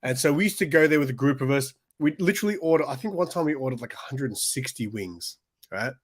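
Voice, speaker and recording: A man's voice: medium pitch, lively intonation, fast. A young man co-hosting a casual podcast chat, telling rambling stories full of restarts and fillers. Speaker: podcast co-host.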